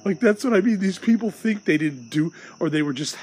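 A man's voice: on the high side, big pitch swings, normal speed, hardly any pauses, darkish tone, slight background noise, low-quality recording. A young man from Illinois hosting a solo podcast, venting in a rambling, profane, agitated way. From Illinois, USA. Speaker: podcast host.

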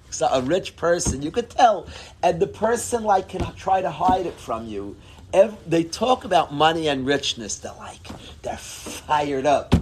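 Animated man giving a Torah class. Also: slight background noise. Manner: animated, expressive, swings between low and loud. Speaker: rabbi teaching students.

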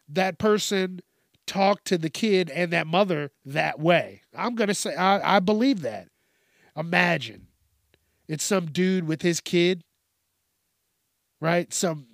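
Male host, casual rant, heavy profanity, slightly high pitch. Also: fairly bright tone, no room sound, clean studio sound. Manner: profane, ranting, blunt. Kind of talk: casual news commentary.

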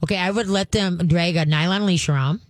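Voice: mid-range voice, brisk, no echo. An older radio host giving dog-training advice to callers in a casual, joking way, checking in often with "okay?". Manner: chatty, jokey, checks in with "okay?". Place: radio studio.

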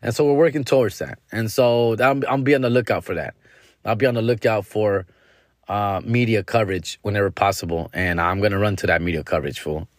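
A man's voice: fairly low pitch, a little fast, no room sound, studio quality. A man hosting his own podcast in a loose, casual monologue, full of slang and profanity, calling listeners dog and fool and dropping bits of Spanish slang. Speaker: podcast host.

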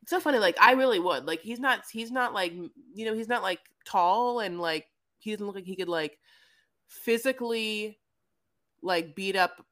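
A woman's voice: mid-range voice, a bit bright. A woman co-hosting a podcast, recapping a reality show in casual, profane chat and acting out quotes. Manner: fast, profane, acts out quotes in silly voices. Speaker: podcast co-host.

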